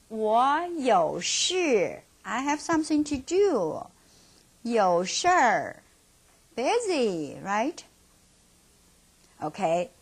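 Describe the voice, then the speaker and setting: A woman teaching Chinese to beginners, modeling words slowly and repeating them with a Mandarin Chinese accent. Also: a little high, fairly bright tone. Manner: slow, deliberate, repeats words to model pronunciation. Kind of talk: slow language lesson with drills.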